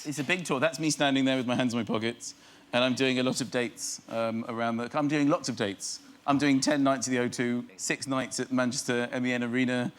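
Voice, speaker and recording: A man's voice: mid-range voice, fairly even intonation, a little fast. A middle-aged man, a comedian guest, telling stories on a chat show and acting out little scenes in silly voices. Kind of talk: animated chat-show storytelling. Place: TV studio with live audience. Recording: loud studio audience laughter and noise.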